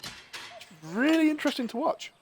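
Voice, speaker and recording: A man's voice: extremely high pitch, big pitch swings, moderate pace, noisy background. A man, chatting casually and rambling while streaming a puzzle game. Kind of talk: casual gameplay chat.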